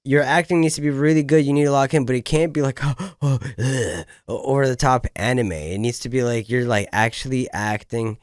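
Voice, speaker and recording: Young guy w a smooth clear voice, dry close sound, hosting a podcast and acting out scenes. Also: medium pitch, brisk, hardly any pauses, no room sound. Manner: animated storyteller, narrates role-play scenes. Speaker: podcast co-host. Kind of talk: casual chat.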